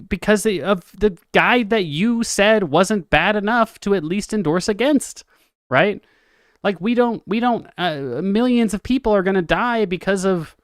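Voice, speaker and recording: Animated, rambling young man, crisp dry voice. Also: high voice, dry recording. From Texas. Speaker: political streamer. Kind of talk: casual livestream commentary.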